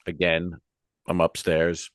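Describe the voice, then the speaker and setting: A comedian with a deep, smooth voice tells a funny anecdote slowly on a podcast recorded over a video call, with no echo. He brings the story to life by acting out the people he quotes.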